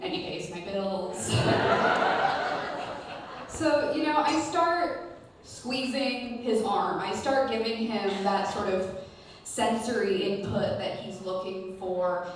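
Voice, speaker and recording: Stand-up comedian, female, deadpan delivery; live hall recording, distant mic, audience noise. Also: medium pitch, slow pace. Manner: deadpan storytelling with filler ums.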